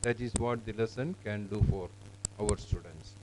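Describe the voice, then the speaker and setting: A man demonstrating teaching software, explaining in a halting way with fillers and restarts. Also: on the low side, background noise. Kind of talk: live classroom software demonstration.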